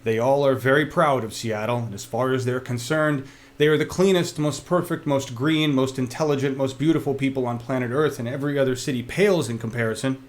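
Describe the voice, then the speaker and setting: A man co-hosting a casual web show, talking in an animated, jokey and opinionated way. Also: mid-range voice, brisk. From Oregon. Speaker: show co-host.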